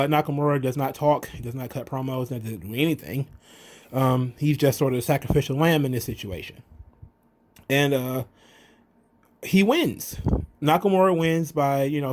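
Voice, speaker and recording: A man giving a casual, profane wrestling recap, acting out the wrestlers' lines in raised voices. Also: medium pitch. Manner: animated, profane, acts out quotes in raised voices. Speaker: wrestling commentary podcaster.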